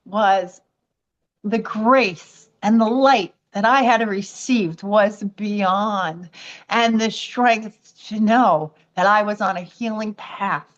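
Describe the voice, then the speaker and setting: American woman telling an animated story. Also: mid-range voice, slow, dull audio. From United States. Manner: animated storytelling, acts out quoted voices. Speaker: podcast guest. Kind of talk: personal storytelling.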